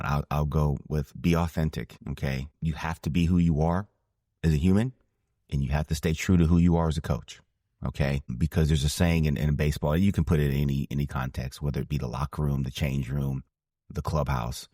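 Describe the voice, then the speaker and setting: A man in his forties, a former ballplayer turned broadcaster, guests on a podcast and tells a heartfelt story, earnest and emphatic, often repeating phrases for weight. His bass voice is brisk with a dark tone, recorded clean in a studio with no echo.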